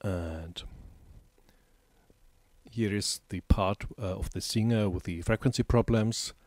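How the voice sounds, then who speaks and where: A man talks through a music software tutorial in a slow, halting way, with many ums and uhs. His voice sits fairly low. The sound is dry and close, with no room around it. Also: no echo. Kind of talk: screen-recorded software tutorial.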